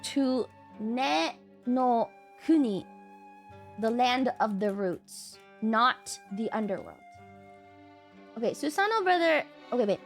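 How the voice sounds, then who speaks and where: A woman streaming and chatting casually with her viewers. She swears, laughs often and yells at chat. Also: a little high, lively intonation, slow, creaky, long pauses, faint music behind.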